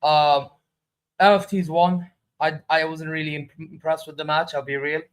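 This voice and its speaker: Man, fairly high voice, casual reaction commentary, candid and rambling. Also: little pitch movement, moderate pace. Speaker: wrestling reaction channel host.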